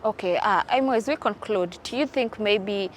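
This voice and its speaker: A woman asking interview questions, steady, with many soft affirming hums. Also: medium pitch, moderate pace, slight background noise.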